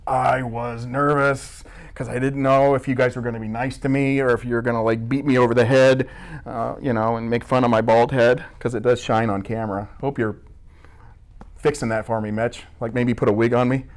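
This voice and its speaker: The Iowa school employee, middle-aged, uses a medium pitch with little movement and a moderate pace. In the interview he stays casual and self-mocking, spinning jokey stories.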